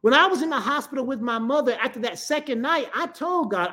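A woman's voice: a little high, sing-song, normal speed, hardly any pauses, a bit bright. A middle-aged woman pastor preaching a sermon and calling for responses from the congregation.

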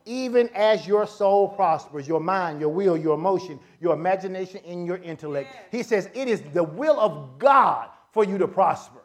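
Male preacher with a very high voice, leads call-and-response, swings from teaching to shouting. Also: moderate pace, few pauses. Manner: leads the congregation in repeat-after-me lines; rises from calm teaching to shouted fervor. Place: church service.

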